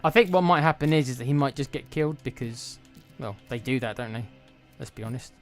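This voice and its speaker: A man casually commenting on a video game as he plays, relaxed and blunt, muttering to himself. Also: medium pitch, fairly quick, faint music behind. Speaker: gaming streamer.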